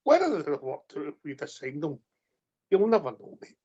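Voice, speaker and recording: A man's voice: on the high side, wildly swooping pitch, normal speed, darkish tone, husky. A Scottish man co-hosting a casual football phone-in, easygoing and conversational. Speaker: phone-in co-host. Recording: dull lo-fi audio.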